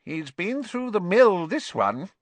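A man voicing a brisk, businesslike shopkeeper witch in an audiobook reading. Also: sits high, big pitch swings, no room sound, pitched above the performer's own voice, exaggerated voice.

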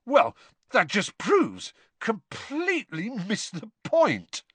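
A man's voice: medium pitch, huge pitch swings, moderate pace, fairly bright tone, breathy edge, dry recording, exaggerated voice. A man voicing an awkward, blustering teenage boy who fumbles for words. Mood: spluttering angry. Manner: fumbling, blustering, hesitant restarts.

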